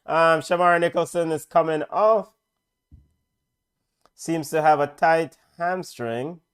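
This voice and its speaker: A hoarse Jamaican man calling a live football match in a chatty, excitable way. His voice sits fairly high, and he breaks into shouts when the action heats up. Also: slow. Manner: excitable, chatty, bursts into shouts at big moments. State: hoarse, voice worn out. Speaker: play-by-play commentator. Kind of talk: live football watch-along commentary.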